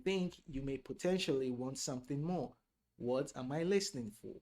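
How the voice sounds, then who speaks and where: A man's voice: medium pitch, moderate pace, a little mellow. A man in a played-back clip, plainly reading out private messages.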